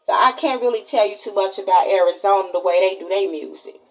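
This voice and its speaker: A woman's voice: medium pitch, quick pace, low-quality recording. A woman in her forties from Chicago with a Chicago accent, telling stories of her school days in a chatty, repetitive way and speaking straight to her viewers. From Chicago, Illinois, USA. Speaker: vlogger. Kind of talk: casual personal storytelling to camera.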